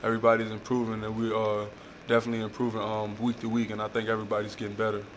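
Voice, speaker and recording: A man's voice: on the low side, slight background noise. A young man, a college football player, answering reporters' questions with many fillers. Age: young adult. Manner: halting, many uh fillers, flat delivery. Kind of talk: press conference answers.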